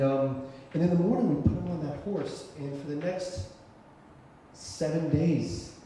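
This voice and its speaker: A man tells a personal story on a stage, his voice sitting a little high for a man. He talks loosely, stumbles and restarts, and shouts out the thoughts he kept to himself. The recording is drenched in the echo of a big hall, with a faint hiss underneath. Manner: conversational, many fillers and restarts, shouts his inner thoughts. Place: cultural center stage before an audience. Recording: very echoey hall, faint noise.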